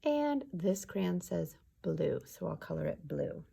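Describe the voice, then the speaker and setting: Young teacher lady talking to little kids, super slow and soft, husky fry in her voice, slips into whispers. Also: on the low side, very animated. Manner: slow, soft and patient, often drops to a whisper. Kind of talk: slow, gentle remote class lesson for young children.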